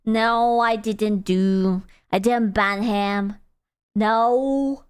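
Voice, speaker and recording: A young woman streaming, chatting casually in a playful, silly way and breaking into excited squeals. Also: medium pitch, drawn-out words, smooth. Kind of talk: casual livestream chat.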